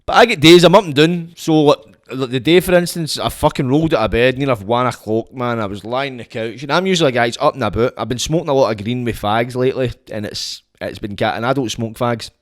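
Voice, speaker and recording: A man's voice: mid-range voice, fast talker, few pauses, no echo, clean studio sound. A Scottish man hosting a podcast, rambling and swearing in a casual monologue into his phone. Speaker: podcast host.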